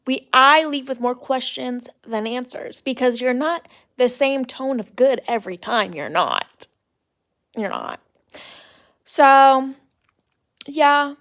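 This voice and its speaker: High-voiced young woman with vocal fry. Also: expressive, slow pace, a bit bright. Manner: exasperated, mocking mimicry of others; casual filler-heavy speech, "like" and "literally". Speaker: podcast host. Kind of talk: casual solo rant.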